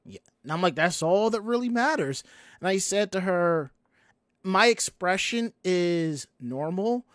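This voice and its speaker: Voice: mid-range voice, animated, unhurried, a bit bright, no echo. Podcast host; loose, rambling chat, dry close-mic read. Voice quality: rambling, many restarts. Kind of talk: casual chat.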